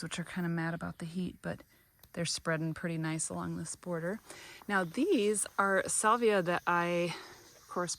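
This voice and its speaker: A woman giving a casual, chatty walkthrough of her flower garden, gushing over the blooms and a little tired and out of breath after a long drive. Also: lowish voice. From American Midwest. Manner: chatty, gushing about flowers, many ums. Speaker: garden vlogger. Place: outdoor garden on a summer evening. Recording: faint outdoor ambience with crickets.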